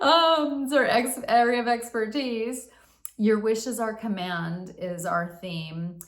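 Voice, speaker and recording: A woman's voice: a little high, takes it slowly. A woman hosting a casual self-help talk, candid and swearing freely, acting out the inner voices she describes. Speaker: podcast host. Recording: roomy echo.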